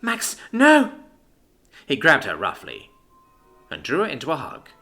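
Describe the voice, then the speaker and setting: A man's voice: mid-range voice, big pitch swings, moderate pace, bright, forceful tone, soft background music. A man narrating a fiction story in a dramatic way, giving each character their own acted voice.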